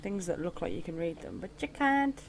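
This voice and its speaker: A woman's voice: on the low side, animated, a little fast, creaky, a little hiss or hum. A woman giving casual, jokey commentary while playing a horror game, talking back to it and yelping at scares. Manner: jokey, talks back to the game, yelps when startled. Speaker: let's play gamer.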